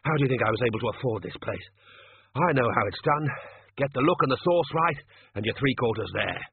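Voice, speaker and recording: Voicing a conniving restaurant manager, a man uses a mid-range voice with lively intonation plus a creaky, breathy edge. He snaps quick, domineering orders at the kitchen crew over dry, tinny audio that sounds like a phone.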